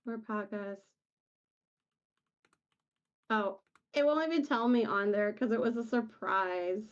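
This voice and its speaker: Giggly woman guest, slow and lo-fi. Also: mid-range voice. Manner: giggly, supportive listener. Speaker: podcast guest. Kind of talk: casual chat.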